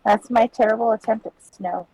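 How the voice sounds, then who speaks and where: A playful woman chats while she crafts and keeps knocking her own work. Her voice sits a little higher than most. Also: fairly even intonation, moderate pace, mellow, poor audio. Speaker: co-host making paper crafts. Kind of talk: casual chat.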